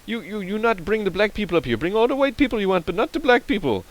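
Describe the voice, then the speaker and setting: A man voicing a stern Jamaican housekeeper woman in a high, shrill put-on voice with a Jamaican accent. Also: expressive, quick pace. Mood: scolding.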